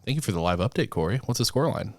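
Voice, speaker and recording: A man co-hosting a casual podcast, animated and joking, often swearing. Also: fairly low pitch, rapid-fire, no room sound, clean studio sound. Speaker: podcast co-host. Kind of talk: casual chat.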